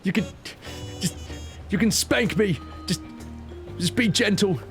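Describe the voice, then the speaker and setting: A man's voice: high voice, measured pace, voice pushed up. A man voicing a tiny, cowering male Lalafell from a fantasy game who stammers and whimpers pleas for mercy, over faint music. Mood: pleading.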